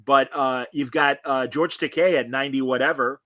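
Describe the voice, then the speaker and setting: Bright-voiced opinionated male host. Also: mid-range voice, fairly even intonation, normal speed, no echo. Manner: opinionated and rambling, with many fillers. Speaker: podcast host. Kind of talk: casual review chat.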